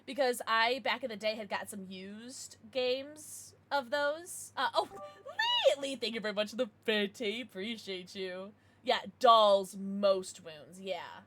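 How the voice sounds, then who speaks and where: Bubbly, lively woman streamer. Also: a little high, slow, a little hiss or hum. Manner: bubbly, laughs often, reacts to chat. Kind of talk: casual livestream chat.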